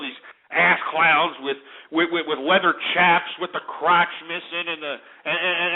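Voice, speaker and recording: A male talk radio host delivering an abrasive, scornful rant full of restarts. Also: a little high. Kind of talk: ranting talk radio monologue. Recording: narrow phone-like radio audio.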